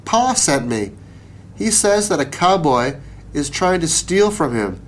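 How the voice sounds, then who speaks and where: A man's voice: on the high side, very animated, a little slow, a little hiss or hum, pitched above the performer's own voice. A man voicing an eager young girl who runs to fetch the judge in a storybook. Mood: urgent.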